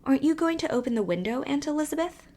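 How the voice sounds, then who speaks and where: Female narrator voicing a frightened homesick girl, halting and pleading. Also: high-pitched, expressive, warm tone, pitched above the performer's own voice. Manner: faltering, pleading.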